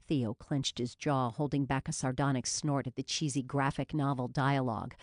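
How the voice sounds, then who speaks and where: A woman narrating a police novel as an audiobook in an even, measured reading. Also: extremely low pitch, no echo, clean studio sound. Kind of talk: scripted narration.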